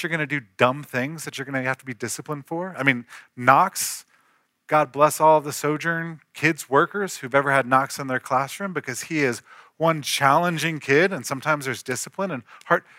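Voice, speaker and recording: A man's voice: mid-range voice, bright, forceful tone, no room sound, clean studio sound. A man in his thirties, a pastor, preaching an earnest storytelling sermon that rises to emphatic peaks.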